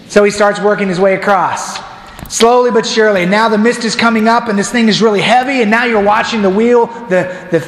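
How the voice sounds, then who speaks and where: A man preaching a storytelling sermon as a deacon, animated and acting out crowd voices. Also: sits high, fast, echoey room, big-room sound. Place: church.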